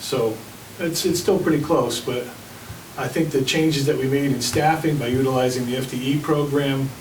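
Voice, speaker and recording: A man's voice: medium pitch, steady tone, moderate pace, a little hiss or hum. A man, a fire chief, giving a plainspoken report with anecdotes at a town board meeting. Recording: echoey room, mic at a distance.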